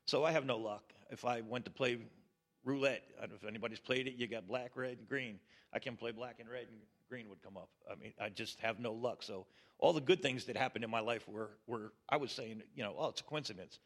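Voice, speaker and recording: A man's voice: medium pitch, fairly quick, fairly bright tone. A middle-aged man giving a plainspoken personal testimony with self-deprecating humor. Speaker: testimony speaker.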